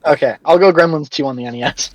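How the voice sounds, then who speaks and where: A man's voice: a little high, fast, highs cut off. A man co-hosting a casual podcast, blunt and teasing, swearing freely. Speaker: podcast co-host. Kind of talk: casual chat.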